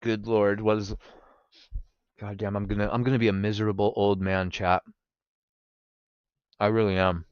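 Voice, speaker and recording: A man's voice: fairly low pitch, normal speed, pauses often, clean tone, no echo, dull audio. A young man streaming live, chatting casually with his viewers and swearing freely. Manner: animated, swearing, talks to chat. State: recovering from gallstones.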